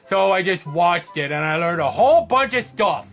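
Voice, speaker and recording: A man voicing a dim-witted, cheerful male puppet who speaks slowly and earnestly in a comedy sketch. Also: high voice, animated, a bit bright, soft background music. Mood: naive. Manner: slow, naive and earnest.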